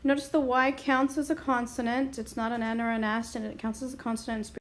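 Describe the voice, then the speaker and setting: A woman with a slightly high voice walks through a lesson step by step. She is patient and sounds words out slowly, repeating them so they can be heard clearly. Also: level tone. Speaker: Spanish teacher. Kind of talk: classroom explanation.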